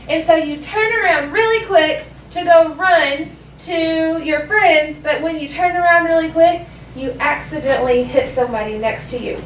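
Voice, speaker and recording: A woman teaching a classroom language lesson, modeling phrases slowly so students can echo them. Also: high voice, slight background noise. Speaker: elementary school teacher. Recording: echoey classroom from far off.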